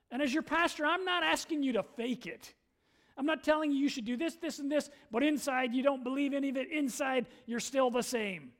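A middle-aged male pastor preaching a sermon, earnest and emphatic, pushing some lines out loud and dropping others to near a murmur. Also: very high-pitched. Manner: earnest, emphatic, swings between loud stresses and quiet drops.

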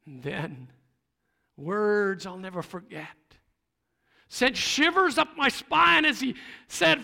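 A man telling a Bible story dramatically in the first person, as a witness, swinging between hushed and loud moments. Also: sits high, animated, slow pace, gravelly, pauses often.

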